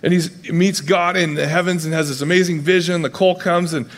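Pastor guy giving a chatty sermon, slightly high voice, big echoey church hall, slips into character voices for the bible folks. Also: fairly even intonation. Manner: casual and conversational, acts out biblical figures in quick voices. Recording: long hall reverb.

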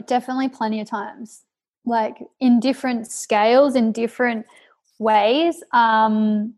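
Young woman guest, higher voice with a flat melody, chatty and casual, full of fillers. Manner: chatty, laughs often, many fillers. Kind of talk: casual conversational storytelling.

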